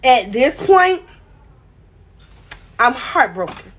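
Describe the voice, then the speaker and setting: Animated young woman telling a story. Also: high-pitched, extremely slow. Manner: animated, dramatic retelling, reads chat aloud. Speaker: live-stream host. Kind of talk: casual storytelling on a live stream.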